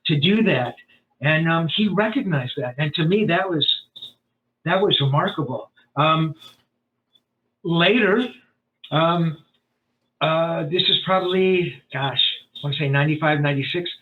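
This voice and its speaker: A man telling stories as a podcast guest in a rambling, animated way, full of fillers and restarts. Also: a little high. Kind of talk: storytelling in a casual interview. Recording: tinny phone-like line.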